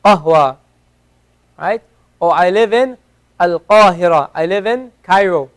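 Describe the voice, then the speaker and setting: A man's voice: high-pitched, animated, unhurried. A man teaching an Arabic class, patiently repeating each letter sound to demonstrate its pronunciation. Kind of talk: classroom lesson. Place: classroom at an Islamic center.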